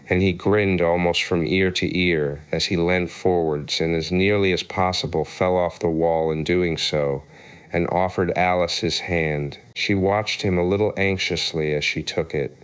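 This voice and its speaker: Male audiobook narrator, low and smooth, measured storytelling. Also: little pitch movement. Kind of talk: scripted narration.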